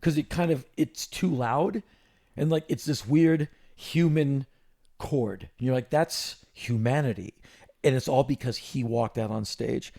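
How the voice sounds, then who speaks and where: A man in his fifties, hosting a podcast and telling a long story in a casual, animated way, with quick restarts. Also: medium pitch, vocal fry. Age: 50s. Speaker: podcast host.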